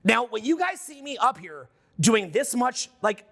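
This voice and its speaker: High, bright-voiced man pitching to a crowd. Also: measured pace, vocal fry. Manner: animated, questioning the crowd, profane. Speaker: seminar speaker. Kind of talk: live seminar talk to an audience. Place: room with a live audience. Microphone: unamplified handheld mic.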